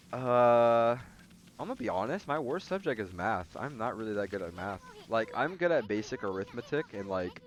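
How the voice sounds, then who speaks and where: Young male streamer, low profane chat. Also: slight background noise. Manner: loose, profane storytelling. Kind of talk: casual gaming chat. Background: faint game music.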